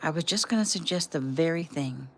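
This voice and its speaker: A man's voice: a little high, animated, a little fast, a little hiss or hum. A woman reading the part of an affectionate young husband in a storybook. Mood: teasing.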